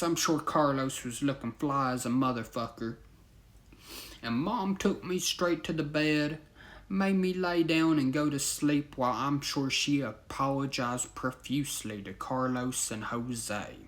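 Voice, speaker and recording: A storyteller telling a crude comic story, laughing and talking straight to listeners. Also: mid-range voice.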